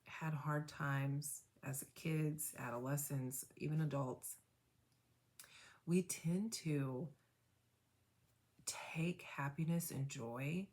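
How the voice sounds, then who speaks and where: A woman guiding a tapping meditation in a slow, soothing way, often asking "right?" and dropping to a breathy whisper for the affirmations. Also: deep voice, fairly even intonation, a little mellow.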